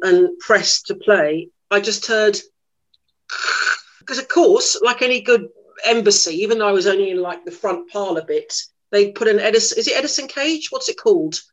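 A middle-aged woman, a lively, self-mocking actress telling stories in an interview. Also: mid-range voice, low-quality recording. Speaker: actress guest. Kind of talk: anecdotal interview storytelling.

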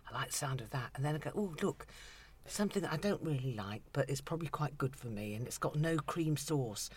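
A woman hosting a chatty radio conversation, theatrical and playful, often dropping to a hush for asides. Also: rumbling low, animated, brisk, slightly rough.

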